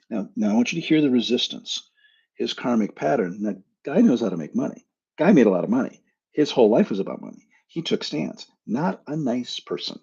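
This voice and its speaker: A man's voice: mid-range voice, big pitch swings, brisk, creaky, darkish tone, slightly rough. A man hosting a live stream as a spiritual coach, talking in a frank, blunt, casual way and swearing now and then. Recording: dull lo-fi sound.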